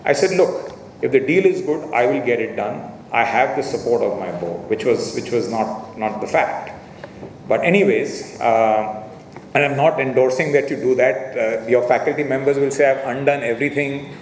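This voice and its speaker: A middle-aged guest speaker addresses graduates at a convocation in a large hotel ballroom, telling an anecdotal business story, acting out the dialogue, repeating words and saying "you know" a lot. His mid-range voice is fairly quick with a darkish tone, heard from afar in an echoey hall with a little hiss or hum.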